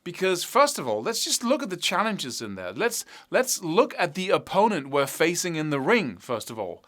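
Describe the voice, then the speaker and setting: A man teaching guitar technique, explaining with vivid analogies and rhetorical questions in an animated way. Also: on the high side, moderate pace. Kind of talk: instructional talk to camera.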